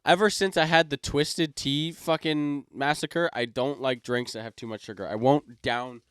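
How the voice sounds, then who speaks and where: A young man co-hosting a casual comedy podcast, telling stories in an animated way with heavy swearing. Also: medium pitch, moderate pace, smooth, dry recording, studio quality. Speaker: podcast co-host.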